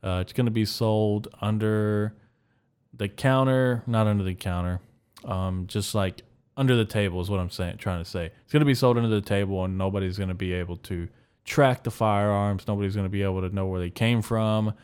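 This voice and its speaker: Young male podcast host, deep and clean-toned, deadpan, crude and rambling. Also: fairly quick, clear, resonant tone. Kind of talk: solo comedic podcast monologue.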